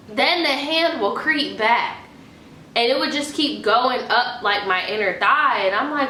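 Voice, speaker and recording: Young woman vlogger, bright voice, profane storytime, echoey room. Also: fairly high pitch, unhurried, slight background noise. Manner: profane, animated. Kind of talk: casual storytime. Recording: echoey room, faint music.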